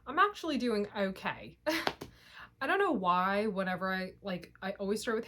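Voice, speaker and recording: A woman's voice: mid-range voice, animated, normal speed, a bit bright, slight background noise. A young woman vlogging in casual chat to camera, candid and rambling, laughing often and swearing now and then.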